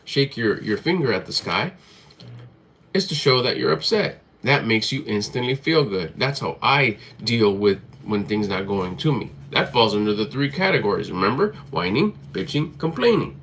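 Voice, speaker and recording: A man with a slightly low voice gives a motivational talk, blunt and emphatic, with plenty of swearing. He repeats his points over and over, and a faint hum of room ambience sits behind him. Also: very animated, normal speed, fairly bright tone. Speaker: motivational vlogger.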